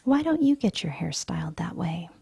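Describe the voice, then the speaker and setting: A woman voicing a sharp, petulant young socialite with a breathy, sing-song delivery in an audiobook reading. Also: lowish voice, big pitch swings, moderate pace, full character voice. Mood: snippy. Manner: snippy and dismissive.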